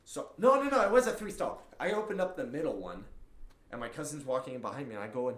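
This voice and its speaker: A young man tells a story on a casual podcast with a lively, swooping pitch and a bright, sharp tone. He acts out quotes in loud bursts. The room gives his voice a noticeable echo. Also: quick pace. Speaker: podcast co-host. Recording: roomy echo.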